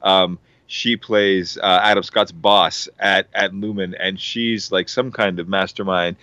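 A man's voice: deep voice, steady tone, unhurried, sharp tone, no room sound. A man on a casual podcast, rambling enthusiastically about a TV series with lots of fillers and restarts. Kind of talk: casual show recommendation.

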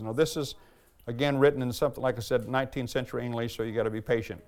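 A man preaching a sermon as pastor, earnest and emphatic, slowing down and lifting his voice to stress key lines. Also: medium pitch, fairly even intonation, darkish tone. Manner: earnest, emphatic preaching, slows and lifts voice when reading aloud.

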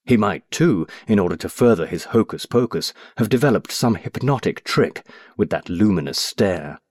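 A man with a very low voice narrates an audiobook in an expressive, measured way. His pitch moves in a lively way through the sentences. The recording is close and dry. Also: no echo.

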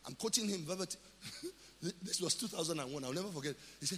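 Nigerian pastor, bright and forceful, echoing. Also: male voice, a little high, quick pace, slight background noise. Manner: call-and-response questions, building to shouted declarations. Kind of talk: sermon. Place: church.

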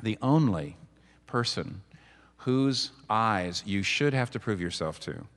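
A middle-aged man giving a sermon as pastor, talking in a conversational, storytelling way with halting restarts. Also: lowish voice, animated, a bit bright. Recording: long hall reverb.

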